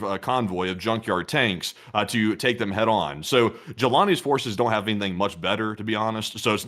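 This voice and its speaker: A man's voice: on the low side, fairly bright tone. A man co-hosting a live news stream in a laid-back, joking way with plenty of slang. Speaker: co-host. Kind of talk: casual live news commentary.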